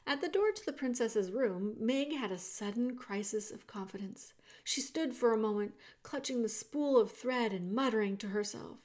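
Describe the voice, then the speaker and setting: A woman reading a children's book aloud, narrating it in a calm storytelling manner. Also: a little high, moderate pace, hardly any pauses.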